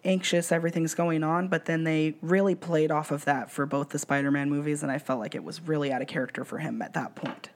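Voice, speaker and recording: A woman's voice: low voice, steady tone, fast talker, few pauses. A woman co-hosting a casual podcast chat, opinionated and playful. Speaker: podcast co-host.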